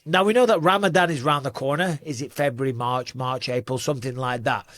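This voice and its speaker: A man's voice: mid-range voice, a little fast, a bit bright, dry recording, studio quality. A middle-aged man giving casual, emphatic fight commentary as host, often putting questions to his audience. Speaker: podcast host and MMA analyst.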